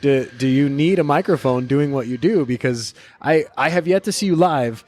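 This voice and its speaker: A man's voice: medium pitch, darkish tone. Slangy young podcast host, man. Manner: eager, slangy, lots of quick agreements. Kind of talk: casual interview chat.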